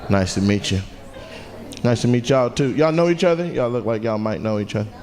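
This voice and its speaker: A man doing crowd work as a stand-up comedian, teasing people with brash, loud bursts and laughing asides. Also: medium pitch, lively intonation, brisk. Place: comedy club stage with laughing audience. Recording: noisy live club recording.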